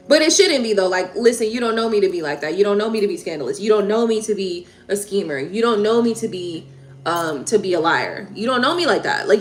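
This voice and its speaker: A woman hosting a live tarot stream, venting heatedly in casual talk, swearing and repeating herself. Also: mid-range voice.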